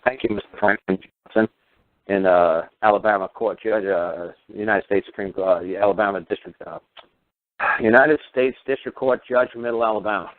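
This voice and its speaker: Fast-talking man on a tinny phone line. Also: lowish voice, fairly even intonation. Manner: combative, rapid-fire rhetorical questions, swears. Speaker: radio show talker. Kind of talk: heated call-in radio rant.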